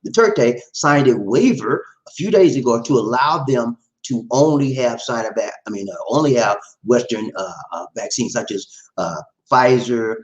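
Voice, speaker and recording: A man's voice: medium pitch, animated, normal speed, hardly any pauses, muffled recording. A man hosting a live stream, reading viewer comments and commenting on the news in a rambling, emphatic way, repeating his phrases and calling listeners "man". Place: lives in the Philippines. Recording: echoey room.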